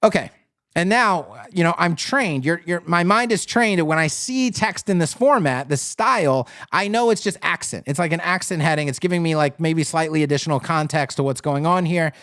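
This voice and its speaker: A man's voice: fairly high pitch, lively intonation, normal speed, a bit bright, dry recording, clean studio sound. A man hosting a live web design critique, talking casually and thinking aloud with fillers and restarts.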